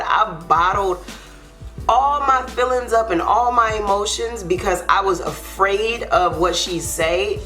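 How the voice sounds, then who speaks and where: A woman's voice: lowish voice, pushed and bright. A young adult woman telling a heartfelt personal story as a YouTube co-host, earnest and loose with fillers. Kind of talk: emotional storytime.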